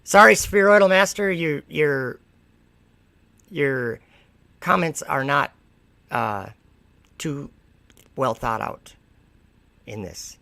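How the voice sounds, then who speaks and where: Slow, gravelly man mocking comments. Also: a little high, pushed and bright, dry recording. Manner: mocking, lecturing. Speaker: livestream host. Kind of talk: casual livestream commentary.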